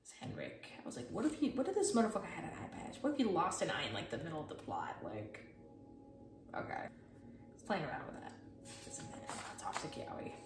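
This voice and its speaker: A woman's voice: deep voice, huge pitch swings, fairly quick, recorded from a distance, background noise. Rambling, profane young woman, echoey room. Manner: rambling, profane and self-mocking. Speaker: artist showing her sketchbook. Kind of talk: casual chat. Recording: echoey and from off-mic, with music. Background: music playing.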